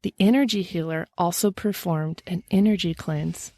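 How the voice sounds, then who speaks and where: A woman's voice: lowish voice, normal speed, a little mellow. A woman podcast co-host telling a story in casual chat, laughing at her own slips.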